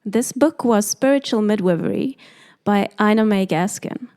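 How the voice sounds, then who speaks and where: A woman with a South African accent, a doula telling her story in a podcast interview, animated and quoting people in lively voices. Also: medium pitch, normal speed. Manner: animated, acts out quoted voices.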